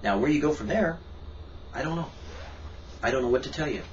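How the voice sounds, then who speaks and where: A man preaching a devotional message with a lively, sharply rising pitch and emphatic delivery. He sounds set back from the mic. The recording is dull with a faint hiss behind him. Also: a little fast, distant mic. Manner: emphatic, with sudden rises and quiet asides. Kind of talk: devotional sermon.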